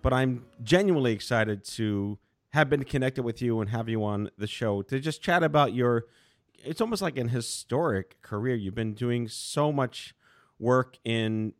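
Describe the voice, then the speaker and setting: A man's voice: medium pitch, measured pace, no room sound, clean studio sound, soft background music. A man hosting a podcast, chatting casually with a guest and tossing in wry, joking asides. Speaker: podcast host. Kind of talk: casual interview chat.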